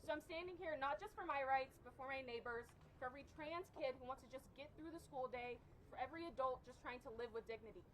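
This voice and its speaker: A woman's voice: high voice, fast talker, hardly any pauses, a little hiss or hum, poor audio. A woman giving an impassioned, defiant speech outdoors at a rally. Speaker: activist speaker.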